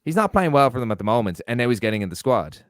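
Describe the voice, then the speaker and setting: A man's voice: medium pitch, sing-song, very fast, no echo. An Irish man in a casual football chat, laying out his arguments point by point. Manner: analytical, lays out arguments point by point. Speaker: podcast co-host.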